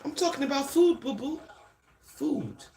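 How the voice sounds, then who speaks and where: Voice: high voice, expressive, vocal fry, dark tone. A speaker from Jamaica, delivering a teasing, taunting comic monologue and drawing words out. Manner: teasing, sing-song, drawn-out words.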